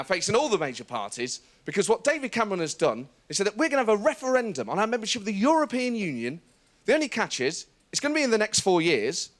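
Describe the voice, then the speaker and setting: A man hosting a comedy show, delivering a mocking stand-up monologue. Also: high voice. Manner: animated, mocking, laughing asides. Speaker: comedian host.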